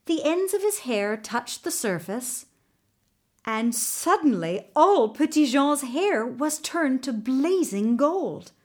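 Brief: woman storyteller, slow and expressive, lively pitch, reading a fairy tale aloud.

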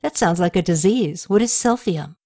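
A woman's voice: fairly low pitch, lively intonation, moderate pace, warm tone. A woman reading an eager, awkward young man. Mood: hesitant. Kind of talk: audiobook character voice.

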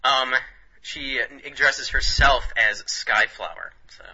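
A man's voice: medium pitch, fairly even intonation, takes it slowly, pushed and bright, husky, highs cut off. A man co-hosting a comedy podcast, rambling in casual banter with frequent laughs and restarts. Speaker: podcast co-host.

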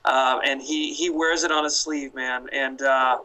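A man's voice: medium pitch, fairly even intonation, measured pace, pushed and bright, rough recording. A man co-hosting a casual podcast who talks like an eager, gushing fan. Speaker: podcast co-host.

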